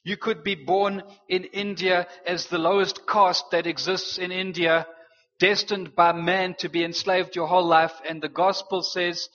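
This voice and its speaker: A man preaching a sermon, earnest and animated, slipping in playful teasing asides. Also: sits high, unhurried. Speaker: pastor. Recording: dull, reverberant hall sound.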